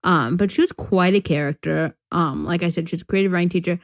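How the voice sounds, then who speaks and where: A woman's voice: fairly low pitch, fast talker, no room sound, studio quality. A young woman from North Carolina co-hosting a podcast, telling a long, filler-heavy story in casual chat and laughing often. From North Carolina, USA. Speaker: podcast co-host.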